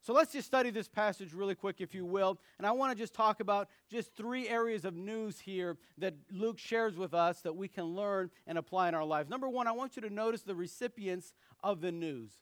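Young male preacher, high voice, dry close sound, animated storytelling sermon. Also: a little fast, hardly any pauses, no echo. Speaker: pastor.

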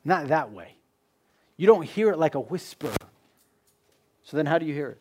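Man, preacher, sermon, high voice, rhetorical questions, loud then hushed. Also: lively intonation, moderate pace. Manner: swings between loud emphasis and hushed drops; repeats phrases for emphasis, asks rhetorical questions.

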